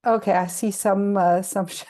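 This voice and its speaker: A woman's voice: medium pitch, fairly even intonation, normal speed, warm tone. A middle-aged woman with a South African accent gives an informal, hesitant presentation to an audience listening through a translator, with many ums and restarts, apparently over a video call. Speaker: guest speaker.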